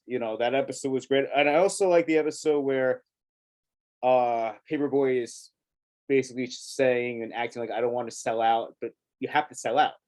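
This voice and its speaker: Male co-host, casual review chat, emphatic delivery, average pitch. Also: steady tone, moderate pace, darkish tone. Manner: chatty and emphatic, laughs often.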